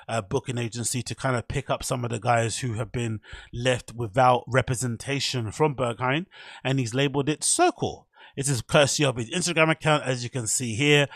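A man's voice: medium pitch, a bit bright, no echo, clean studio sound. A man with a British accent hosting a casual solo podcast, talking in a joking, self-mocking way with sarcastic asides. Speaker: podcast host.

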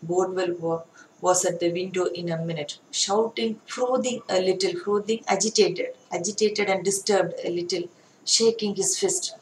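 A woman's voice: lowish voice, steady tone, normal speed. Woman teacher reading a story aloud. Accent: Indian English. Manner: reads a passage aloud, then explains it in simple words. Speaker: English teacher. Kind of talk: reading and explaining a story to a class. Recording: echoey room with faint noise.

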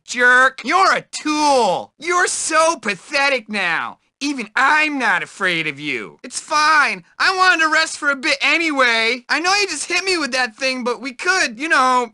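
A man's voice: very high voice, bright, forceful tone, dry recording, exaggerated voice. A man voicing a timid, lonely nerdy teenage boy in a video game, eager and self-pitying as he keeps begging for friends. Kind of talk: game voice lines.

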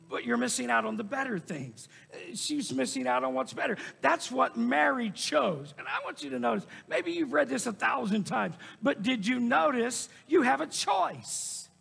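A high-voiced man preaches a sermon, his tone gravelly and husky. He hammers his points with repetition and bursts into shouts. His voice rings with the long reverb of a church hall. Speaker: pastor. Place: church sanctuary.

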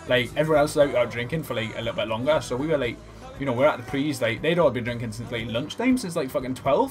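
A man's voice: medium pitch, fast, soft background music. A young man swearing and bantering while doing comic impressions of his gaming friends over gameplay. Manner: profane, rowdy banter.

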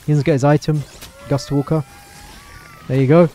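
A young man streaming a video game, chatting excitedly through the match and answering his chat. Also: on the high side, moderate pace. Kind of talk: live gameplay commentary.

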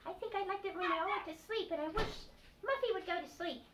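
A woman's voice: very high voice, fast talker, pitched above the performer's own voice. A woman doing a chirpy puppet dog. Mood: cheerful. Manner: eager, sing-song puppet voice. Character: cheerful puppet dog, small and chatty. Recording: roomy, distant, noisy home recording.

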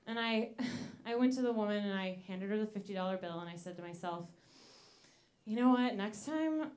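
A young woman doing a stand-up comedy set on a club stage into a handheld mic, with a deadpan delivery and slow pauses. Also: medium pitch. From Italian-American family. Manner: deadpan delivery, slow pauses, sudden shouted outbursts in put-on voices.

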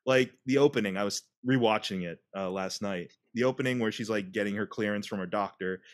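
Animated man recounting cartoon scenes. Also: lowish voice, brisk. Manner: animated retelling, acts out quotes with laughs. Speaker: podcast host. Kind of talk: casual chat.

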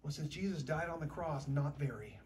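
A woman preaching a sermon in a church, talking in a conversational, lively way with shifting loudness. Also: sits low, a little fast, far from the mic, slight background noise.

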